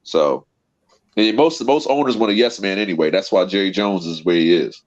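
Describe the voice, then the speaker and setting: A man's voice: deep voice, normal speed. A man debates football on a casual panel show. He argues his case and restarts his phrases often. His voice comes through muffled and lo-fi. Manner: argumentative, repeats words while building a point. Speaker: podcast co-host. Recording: dull lo-fi sound.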